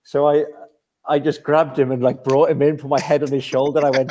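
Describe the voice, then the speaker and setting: A man's voice: mid-range voice, steady tone, normal speed, crowd noise. A middle-aged British man telling hockey stories as a podcast guest, rambling with many restarts and laughing at his own tales. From Britain. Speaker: podcast guest, former ice hockey captain. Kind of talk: casual storytelling chat.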